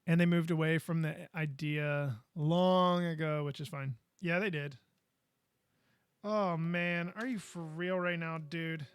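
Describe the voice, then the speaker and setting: A man's voice: a little high, steady tone, takes it slowly, clear, resonant tone, no room sound, clean studio sound. A man hosting a live podcast, chatting casually and goofily while he builds, with frustrated outbursts. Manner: goofy, chatty, exclaims in frustration. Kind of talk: casual live-stream chat.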